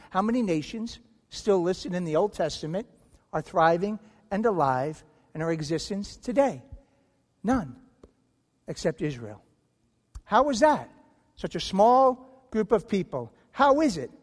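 A man's voice: sits high, lively intonation, measured pace, long pauses. A man preaching a sermon as pastor, emphatic, acting out quoted voices in a church sanctuary. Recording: long hall reverb.

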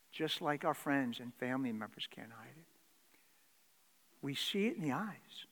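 Male pastor, slow and dramatic sermon, high pitched, surges loud then drops to a whisper. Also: long reverb tail.

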